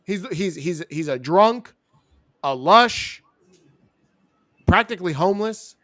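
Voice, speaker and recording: A man co-hosting a wrestling review show, ranting in loud, exasperated bursts and mocking people in silly voices. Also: high-pitched, animated, slow pace, dry recording, studio quality. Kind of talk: ranting casual chat.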